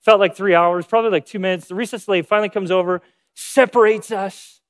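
A pastor with a high, steady voice delivers a sermon at a quick pace. He opens with an anecdote and acts out the lines of the people in the story.

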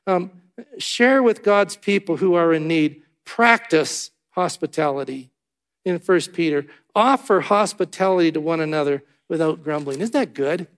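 Animated gravelly-voiced man preaching. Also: on the high side, normal speed. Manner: animated storyteller, voices himself and others in quotes. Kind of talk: storytelling sermon. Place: church sanctuary.

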